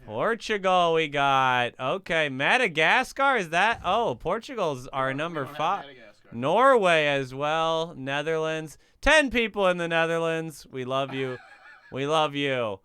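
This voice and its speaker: Male comedy podcast co-host with a bright, sharp voice; teasing and sarcastic. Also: fairly high pitch, animated. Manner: teasing, sarcastic, quick to laugh. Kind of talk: casual comedic banter.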